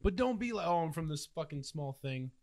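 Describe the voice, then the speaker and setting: A man's voice: on the high side, expressive, a little fast, a little mellow. A young man from Canada co-hosting a casual podcast, ranting with lots of swearing and mock voices. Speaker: podcast co-host. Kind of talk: casual chat.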